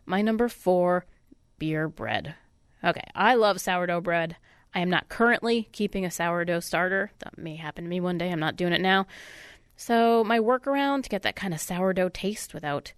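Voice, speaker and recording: A chatty, upbeat woman hosts a radio food segment on a studio mic. Her voice sits a little low and sounds slightly stuffed up. The sound is close and dry. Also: dry recording. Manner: chatty, upbeat, self-deprecating. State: stuffy nose. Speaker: radio food show host. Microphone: studio microphone.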